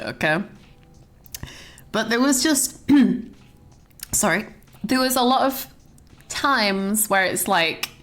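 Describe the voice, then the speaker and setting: A woman's voice: on the low side, fairly bright tone. A young woman chats casually on stream about a film she just saw. She rambles and swears freely, and fills her sentences with "like". Her tone stays loose and conversational. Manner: rambling, sweary, full of likes. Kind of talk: casual chat, movie rant.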